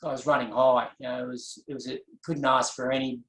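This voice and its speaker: A man telling his personal story as an interview guest, earnest and reflective, pausing and restarting as he goes. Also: medium pitch, flat delivery, a bit bright, a little hiss or hum. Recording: echoey room.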